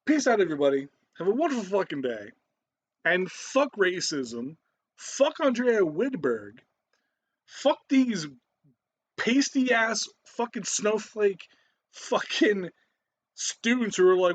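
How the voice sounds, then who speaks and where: A man's voice: high-pitched, big pitch swings, slow. A man giving a profane, ranting reaction commentary, swearing heavily and cutting in with laughs.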